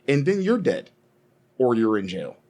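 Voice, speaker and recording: A man's voice: medium pitch, very animated, a little slow, mellow. A young man co-hosting a casual podcast, rambling and swearing as he argues and tells stories. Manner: profane, rambling, heated storytelling. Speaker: podcast co-host.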